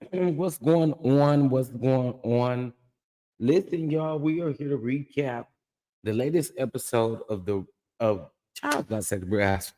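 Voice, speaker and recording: A man with a scratchy, mellow, medium-pitched voice hosts a livestream recapping a reality show, speaking slowly and expressively in a big-room sound. He casually greets viewers by name and drawls "child" and "y'all."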